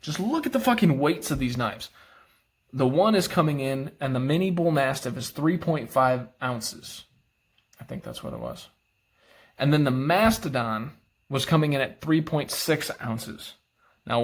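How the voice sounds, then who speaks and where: A man's voice: mid-range voice, sing-song, moderate pace. A man ranting in a casual, rambling monologue, frustrated and profane, with apologetic asides. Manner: self-deprecating, apologetic asides. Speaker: knife collector vlogger.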